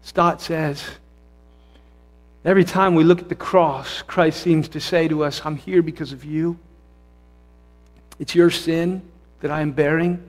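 A man's voice: a little high, steady tone, unhurried, pauses often. A man pastor preaching a sermon in a church, conversational and self-correcting, rising to fervent emphasis. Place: church sanctuary. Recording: long hall reverb.

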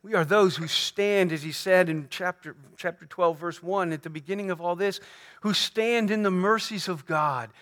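A man with a high-pitched voice delivers an earnest Sunday sermon from the pulpit. He presses his points by repeating phrases and slowing down to lean on quoted lines. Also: fairly bright tone. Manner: earnest preaching with emphatic repeated phrases and slow stressed quotes. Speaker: pastor. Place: church sanctuary.

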